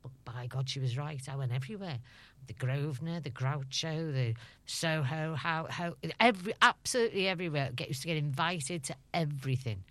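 A woman's voice: low voice, a little fast, a bit bright, no echo. A middle-aged woman with a Liverpool accent, a chatty guest telling stories in an interview and laughing often. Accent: Liverpool (Scouse). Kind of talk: anecdotal interview chat.

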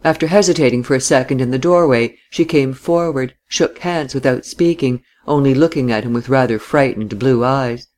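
Steady narrator reading a novel. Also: mid-range voice, moderate pace, hardly any pauses.

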